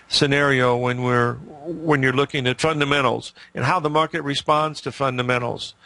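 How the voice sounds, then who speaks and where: A man's voice: on the high side, creaky, bright, forceful tone, dry recording. An older man hosting a market show, telling rambling, emphatic stories in casual commentary.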